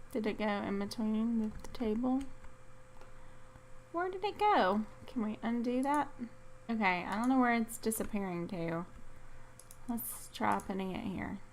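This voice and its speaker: A woman's voice: mid-range voice, a bit bright, slight background noise. A tired woman hosting casual gameplay commentary, rambling and apologetic, poking fun at herself. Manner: rambling, apologetic, self-deprecating. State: tired, yawning. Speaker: gaming channel host.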